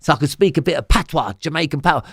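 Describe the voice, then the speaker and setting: A man with a Cockney accent telling his story as an interview guest, rambling and profane, with lots of fillers and a voice that swings from loud to quiet. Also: fairly high pitch, animated, rapid-fire, no room sound, clean studio sound. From London, England.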